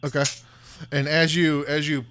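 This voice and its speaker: A man's voice: a little high, level tone, a bit bright, clear, resonant tone. A man running a tabletop game as dungeon master, narrating combat and often correcting himself. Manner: apologetic, self-correcting, quick rules talk.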